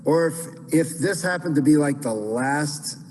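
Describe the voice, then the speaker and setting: A man's voice: a little high, expressive, unhurried, darkish tone, big-room sound, rough recording. A man teaching Byzantine chant in an online class, explaining casually with many fillers and restarts.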